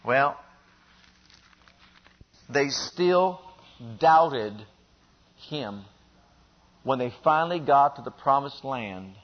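A man preaching a sermon in an animated way, building to emphatic peaks and then dropping low. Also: extremely slow, long pauses. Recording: dull lo-fi recording.

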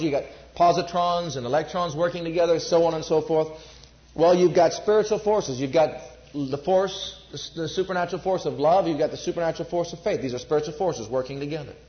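Emphatic preacher in a roomy hall. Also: male voice, a little high, fairly quick. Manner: emphatic, repeats phrases, asks the audience questions. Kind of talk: sermon. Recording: roomy, dull lo-fi sermon recording.

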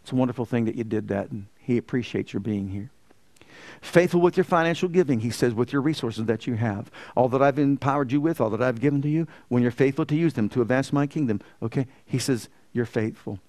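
A man's voice: mid-range voice, fairly quick, darkish tone. A man preaching a sermon as pastor, asking the congregation rhetorical questions and rising in emphasis.

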